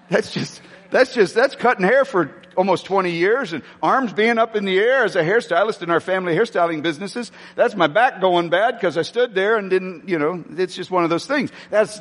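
A male pastor preaches in a church hall, his fairly high voice leaping all over the place as he pokes fun at himself. He stumbles and restarts often, and long reverb trails behind him. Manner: animated, self-mocking storytelling with many restarts. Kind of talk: sermon.

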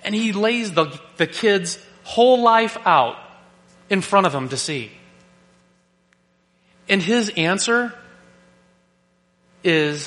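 A male pastor preaching a sermon, animated and joking, who keeps asking rhetorical questions. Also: high voice, slow pace, long pauses. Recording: long reverb of a large hall.

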